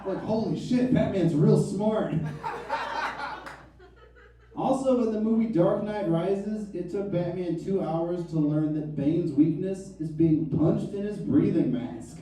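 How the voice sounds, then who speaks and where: Comedian in his thirties, self-mocking and wry, with a soft, mellow tone; the recording is distant. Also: sits high, takes it slowly. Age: 30s. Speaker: stand-up comedian. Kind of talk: stand-up comedy set. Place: comedy club stage. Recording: echoey club, mic from far off.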